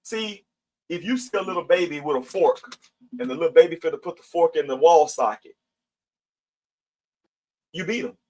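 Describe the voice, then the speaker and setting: A man's voice: a little high, normal speed, long pauses, a little mellow, poor audio. Preachy man teaching scripture. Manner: preachy, conversational, with scripture readings. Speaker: Bible study teacher. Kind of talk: livestream Bible teaching.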